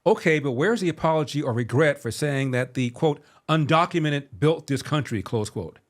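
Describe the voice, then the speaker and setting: A man in his seventies hosting a podcast, telling a story and giving political commentary in a sardonic, measured way. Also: on the high side, lively intonation. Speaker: podcast host.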